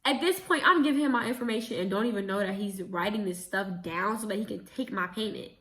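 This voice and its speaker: A young adult woman casually retelling a story as a vlogger, chatty and animated, with quick self-corrections. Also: mid-range voice. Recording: roomy echo.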